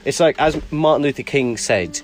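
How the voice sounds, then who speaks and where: A man's voice: medium pitch, expressive, moderate pace, faint music behind. A young man co-hosting a crude comedy podcast in a put-on English accent, rambling, swearing constantly and laughing a lot. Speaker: podcast co-host.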